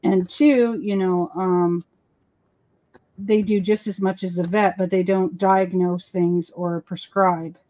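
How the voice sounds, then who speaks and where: A woman chatting casually on a live stream, telling animated stories and acting out the voices of people she quotes. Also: on the low side, takes it slowly, dry recording. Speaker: co-host of a live crafting stream. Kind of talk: casual chat. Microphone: live stream call.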